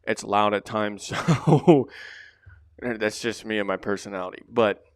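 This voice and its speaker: Podcast host, male, smooth voice, dry close-mic sound, loose rambling delivery. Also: fairly low pitch, fairly even intonation, measured pace, no room sound. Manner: loose, rambling, drops casual fillers. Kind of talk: casual solo podcast talk. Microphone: close to the microphone.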